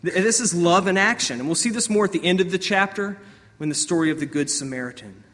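Male pastor, high voice, animated sermon delivery with big dynamic swings, reverberant hall. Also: fast talker. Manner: animated preaching with sudden outbursts and soft asides.

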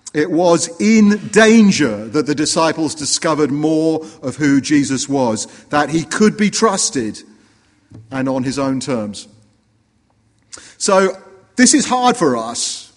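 A man preaching a sermon earnestly, rising for emphasis and dropping low and quiet. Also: long reverb tail. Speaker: pastor.

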